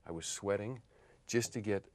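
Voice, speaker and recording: A man in his fifties, an actor and model, telling stories about his career in a relaxed interview, often laughing. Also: lowish voice, normal speed, no echo. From Portland area, United States. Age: 50s. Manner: animated storyteller, laughs often. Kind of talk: casual interview chat.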